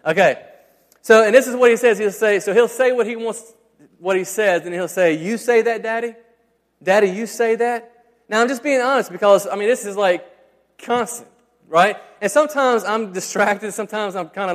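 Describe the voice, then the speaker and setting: A man's voice: high-pitched, a bit bright. A man in his thirties preaching a sermon to a congregation, telling stories in a chatty, self-deprecating way full of fillers. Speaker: pastor. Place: church hall before a congregation. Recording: long reverb of a church hall.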